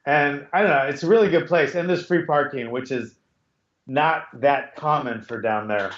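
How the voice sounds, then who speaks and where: A man's voice: a little high, normal speed. A middle-aged man hosting a podcast over a video call, telling a rambling story full of restarts. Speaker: podcast host. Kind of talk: casual chat. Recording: echoey, dull call audio.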